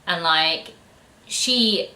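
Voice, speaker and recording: A woman's voice: fairly low pitch, drawn-out words, sharp tone. A woman ranting sarcastically about a book in a casual review, full of fillers. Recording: echoey room.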